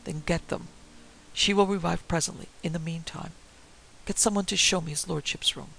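A man's voice: a little high, fairly even intonation, moderate pace, creaky, bright, forceful tone, slight background noise, rough recording. A man voicing an older Dutch male doctor who speaks curtly and commands. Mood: brisk. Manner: curt, commanding.

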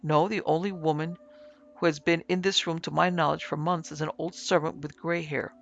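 A man voicing a blunt, matter-of-fact male house owner in a plain, brisk manner in an audiobook reading. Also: a little high, fairly even intonation, gravelly, a bit bright, lo-fi sound.

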